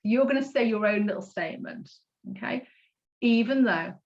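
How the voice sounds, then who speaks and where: A woman coaching a group through tapping points on a video call, gentle and encouraging as she walks through each step. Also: a little high, a little fast, gravelly, highs cut off. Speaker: self-love coach leading a tapping class.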